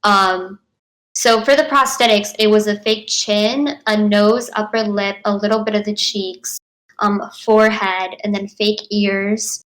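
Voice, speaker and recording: A young actress answering interview questions in a bubbly, chatty way, full of "like" and "um" and quick laughs. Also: female voice, medium pitch, fairly even intonation, fairly bright tone, rough recording. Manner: bubbly, frequent 'like' and 'um', laughs often. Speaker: actress guest. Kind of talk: casual interview.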